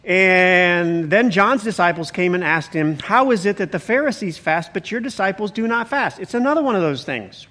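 Reading and explaining scripture, a high-voiced pastor keeps breaking in with exclamations. His sermon is animated and conversational, at normal speed with few pauses.

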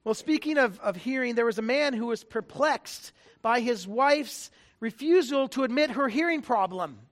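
A man's voice: extremely high pitch, lively intonation, normal speed. A male pastor giving a conversational sermon in a church, joking and often restarting his sentences. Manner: conversational, jokey, frequent restarts.

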